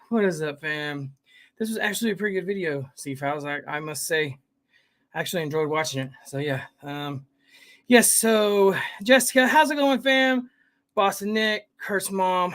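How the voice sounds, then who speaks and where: A man hosts a live stream, chatting casually and rambling as he greets viewers by name and reads their comments, repeatedly saying "guys" and "fam." His voice is high and a bit bright.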